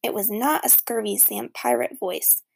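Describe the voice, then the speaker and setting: Gravelly-voiced woman reading a children's story. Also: a little high, steady tone, normal speed. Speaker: audiobook narrator.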